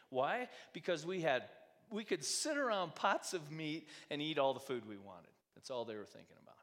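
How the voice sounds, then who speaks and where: A man preaching a sermon in a conversational way, asking the congregation many rhetorical questions and swinging between loud and soft. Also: on the high side, sing-song, moderate pace. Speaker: pastor. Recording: long hall reverb.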